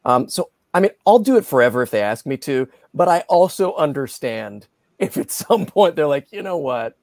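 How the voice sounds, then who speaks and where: A middle-aged man, a guest voice actor, chatting in an interview in a lively, self-deprecating way with many restarts. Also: a little high, normal speed, no echo. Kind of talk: casual interview chat.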